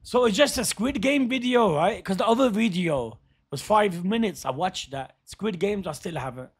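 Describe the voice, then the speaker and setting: A man's voice: sits high, expressive, moderate pace, husky. A man, a father, streaming a game and chatting with viewers in laid-back slangy banter. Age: adult father. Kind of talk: casual livestream chat.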